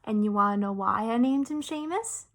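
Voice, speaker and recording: A woman teacher telling a personal story to young children, expressive and explaining things simply. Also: fairly high pitch, normal speed.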